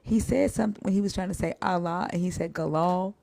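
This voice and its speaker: A woman chatting casually on a podcast, retelling a caller's words with lively laughter. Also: medium pitch, fast talker, gravelly, crowd noise. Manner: animated, laughing storyteller. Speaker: podcast co-host. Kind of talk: casual chat.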